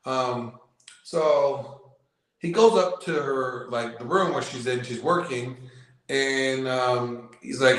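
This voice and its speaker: A man's voice: medium pitch, fairly even intonation, takes it slowly, a bit bright. A man, a guest in a casual chat, tells a long anecdote full of ums and you-knows. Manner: rambling anecdotes with filler words. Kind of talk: casual storytelling. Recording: very echoey room.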